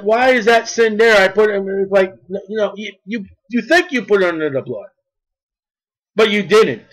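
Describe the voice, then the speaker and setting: High-pitched male preacher, fervent sermon delivery that swells into near-shouts. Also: poor audio. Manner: fervent, rising to near-shouts on key points.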